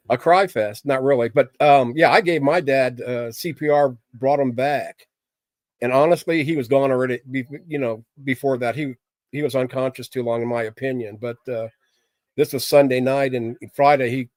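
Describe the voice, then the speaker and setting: A man's voice: medium pitch, a little mellow, no room sound. Plain-spoken middle-aged man chatting candidly. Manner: rambling, plain-spoken and candid, with frequent fillers. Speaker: livestream host chatting with viewers. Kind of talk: casual livestream chat.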